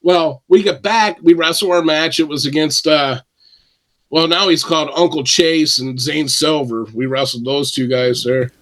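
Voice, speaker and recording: A man with a slightly raised speaking pitch tells long, rambling anecdotes in a casual podcast chat. He slips into the other people's lines as he goes. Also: moderate pace, a bit bright. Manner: rambling anecdotal, acts out quotes. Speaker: wrestler guest. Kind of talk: casual storytelling.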